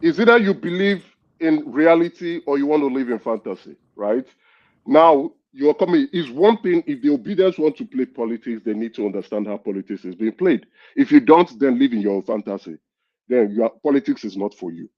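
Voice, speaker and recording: A man's voice: mid-range voice, animated, a little fast, dull audio. A man, lecturing and arguing hard in a heated political debate, talking over the others. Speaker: caller in a political discussion.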